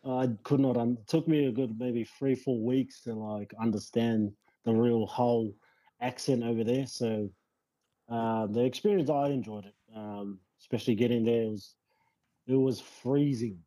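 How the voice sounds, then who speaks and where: Very dark-voiced New man. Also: mid-range voice, moderate pace, no room sound, poor audio. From New Zealand. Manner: relaxed, rambling with many fillers. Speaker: guest, rugby league player. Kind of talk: casual podcast interview.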